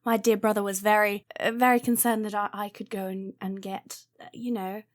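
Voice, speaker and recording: A woman's voice: medium pitch, level tone, a little fast, no echo, clean studio sound, natural voice. A woman playing a prim, over-polite bird posing as a posh younger sister, speaking in a genteel, hesitant way.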